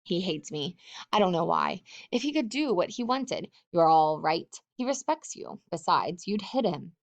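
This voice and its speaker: A woman's voice: lowish voice, big pitch swings, a little slow, gravelly, exaggerated voice. A woman voicing a fearful, bespectacled, asthmatic schoolboy who talks in an anxious, pleading way.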